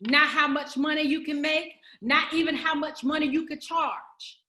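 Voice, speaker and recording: A woman's voice: high voice, steady tone, normal speed, pushed and bright, roomy sound. A woman giving a motivational speech to entrepreneurs, preacherly and emphatic, building through repeated phrases. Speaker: summit speaker.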